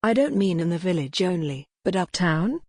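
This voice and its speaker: A woman's voice: lowish voice, normal speed. A text-to-speech woman's voice reading the lines of a polite, earnest young man in a classic novel audiobook. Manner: even, machine-read delivery.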